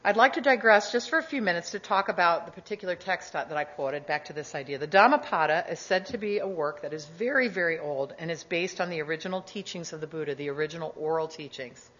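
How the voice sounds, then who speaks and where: Woman guest speaker with a low voice, gentle sermon delivery, dull lo-fi recording. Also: animated. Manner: gentle, measured, conversational with asides. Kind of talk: reflective sermon talk.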